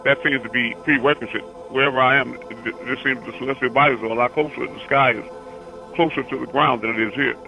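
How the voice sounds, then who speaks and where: Bright rambling male host, call-in show, faint music behind. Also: mid-range voice, fairly even intonation, fast, vocal fry, poor audio. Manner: rambling, repeats words, tells long visions. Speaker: host answering callers. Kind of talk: casual call-in talk.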